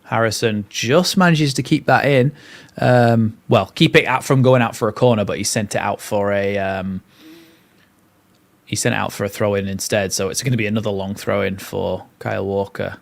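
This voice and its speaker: Low-voiced man calling a match. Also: steady tone, normal speed, gravelly. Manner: chatty play-by-play mixed with rambling asides. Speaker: fan channel host. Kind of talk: live watchalong commentary.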